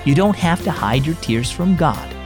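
A man's voice: fairly high pitch, lively intonation, normal speed, over music. A man narrating a scripted children's devotional story and speaking directly to young listeners. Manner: warm teaching tone for children.

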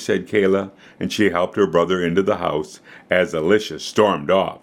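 Male host for kids' radio, low voice, expressive scripted storytelling. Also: gravelly. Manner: warmly expressive storyteller, slows for emphasis. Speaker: host of a children's devotional program. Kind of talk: scripted narration for children.

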